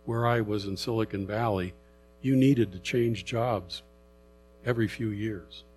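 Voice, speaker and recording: A middle-aged man preaching a sermon, conversational and animated as he reads and explains scripture. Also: fairly low pitch, measured pace, slight background noise. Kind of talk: sermon Bible teaching.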